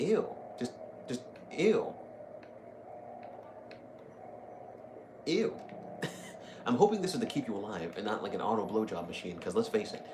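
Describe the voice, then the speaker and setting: Young man, casual gaming commentary, easily amused, lowish voice, lively, noisy recording. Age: young adult. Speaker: gaming video host. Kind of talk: casual let's-play commentary.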